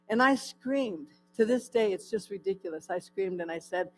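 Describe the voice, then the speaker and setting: A woman's voice: mid-range voice, brisk, few pauses, faint music behind, low-quality recording. Candid woman telling her life story. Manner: candid, conversational storytelling with "right?" asides. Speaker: guest speaker sharing her testimony. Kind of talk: personal testimony told as a story. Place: church.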